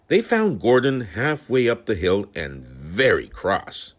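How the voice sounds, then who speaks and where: A man narrating a children's train storybook in a slow, expressive reading. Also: medium pitch. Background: background music.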